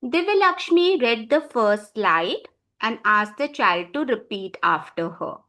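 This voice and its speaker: A woman leading a training session for teachers. She quizzes participants by name and gives clear directions. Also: a little high, expressive, measured pace, sharp tone.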